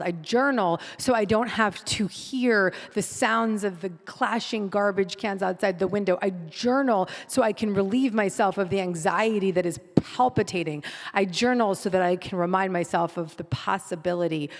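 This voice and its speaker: A woman's voice: medium pitch, normal speed. A woman in her forties hosting a live session, telling a personal story to an audience in vivid, repetitive present-tense storytelling. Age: 40s. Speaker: host. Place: live event hall. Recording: long reverb of a live hall.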